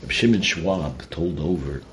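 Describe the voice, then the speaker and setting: A man's voice: low voice, a little slow, fairly bright tone, a little hiss or hum, low-quality recording. A man giving a Torah talk full of stories, mixing in Yiddish and Hebrew terms. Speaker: Torah teacher.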